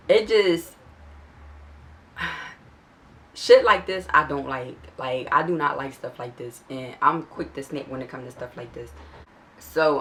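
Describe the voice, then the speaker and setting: Young philly girl venting a storytime, lowish voice but real bright and sharp, cussing a lot. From Philadelphia area. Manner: exasperated, profane, animated storytelling with many restarts. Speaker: vlogger telling a story. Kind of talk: casual storytime.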